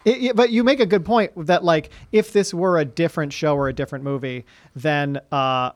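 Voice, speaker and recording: A man's voice: on the high side, a little fast, dry recording. A man co-hosting a podcast in casual chat, making sarcastic remarks and laughing often. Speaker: podcast co-host.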